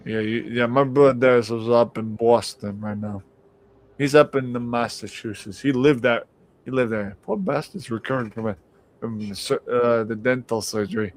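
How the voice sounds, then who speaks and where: Male podcast host, mid-pitched, chatty storyteller, profane and animated. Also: normal speed. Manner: animated, profane, acts out quoted voices. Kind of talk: casual storytelling on a live stream.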